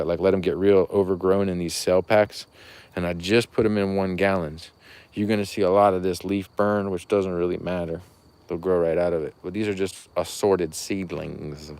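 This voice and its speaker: Low-voiced man touring his nursery. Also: clean tone, dry recording. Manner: rambling, chatty, folksy. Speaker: rare fruit tree grower and seller. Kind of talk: casual walking tour, talking to viewers. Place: outdoor plant nursery at night.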